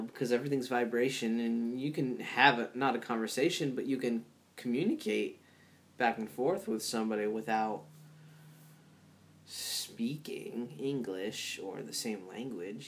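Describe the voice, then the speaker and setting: A man's voice: mid-range voice, moderate pace, a little hiss or hum. Rambling casual man podcasting alone. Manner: rambling, filler-heavy, restarts sentences, laughs at himself. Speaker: podcast host. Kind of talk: casual solo podcast talk.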